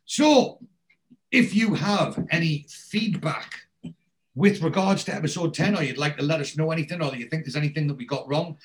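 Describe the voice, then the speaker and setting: This male host talks at normal speed in a slightly high voice, giving a casual podcast recap of a TV episode. He animatedly acts out the characters' dialogue as the story unfolds.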